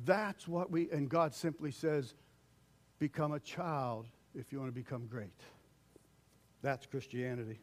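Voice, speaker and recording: An older man preaching a conversational sermon as pastor, acting out quoted voices and swinging between loud calls and hushed lines. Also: mid-range voice, steady tone, unhurried.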